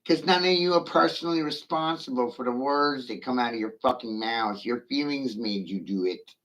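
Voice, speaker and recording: Bright-voiced man ranting angrily. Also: mid-range voice, moderate pace, poor audio. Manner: aggressive, taunting, heavy swearing. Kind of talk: profane angry rant.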